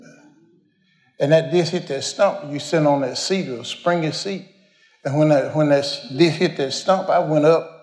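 A man's voice: fairly high pitch, reverberant. An older man, preaching a folksy storytelling sermon, rambling and homespun as he addresses the congregation.

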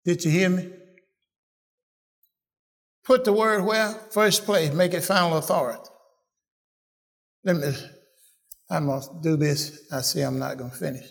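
A man's voice: on the high side, steady tone, a little slow, vocal fry, long pauses. A man preaching a sermon, emphatic and repetitive, calling out to his listeners. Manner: emphatic, repeats phrases, calls out to listeners.

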